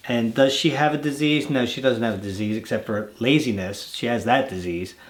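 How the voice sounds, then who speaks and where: A man's voice: medium pitch, fairly quick. A man hosting his own channel, reading viewer letters aloud and chatting casually between them with rambling, easygoing asides. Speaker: channel host reading fan mail.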